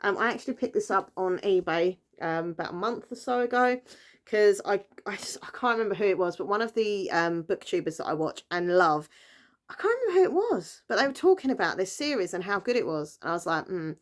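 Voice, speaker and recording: A woman's voice: mid-range voice, animated, a little fast. Chatty British woman vlogger. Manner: chatty, rambling, lots of fillers and self-corrections. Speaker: book vlogger. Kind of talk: casual chat.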